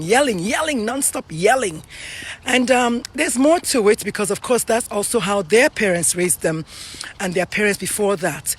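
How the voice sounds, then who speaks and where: A middle-aged Nigerian woman talks straight to her viewers in an earnest, chatty way. She is a little out of breath, walking uphill outdoors with her phone. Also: fairly high pitch. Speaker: parenting coach hosting a live stream. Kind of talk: casual live-stream monologue.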